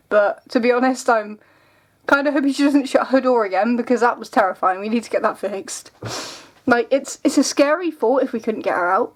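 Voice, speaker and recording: A young woman vlogging at home, telling stories in a rambling, giggly way. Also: a little high. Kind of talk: casual vlog chat.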